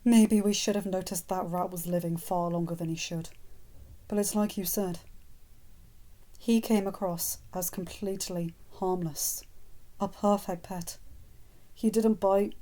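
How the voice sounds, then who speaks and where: A woman voicing a gentle, strained wizard father who speaks earnestly. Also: medium pitch, steady tone, measured pace, long pauses, lightly acted.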